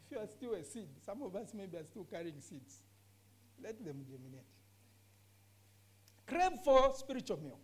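Woman, scripture teacher in a discussion; earnest, emphatic, repeats points, lively pitch. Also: brisk, slightly rough. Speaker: bible teacher.

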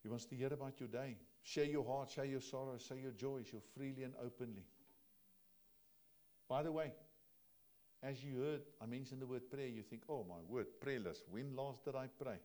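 A man preaching a sermon in a conversational way, dropping to quiet asides and rising to loud, emphatic lines. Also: mid-range voice, normal speed. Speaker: pastor.

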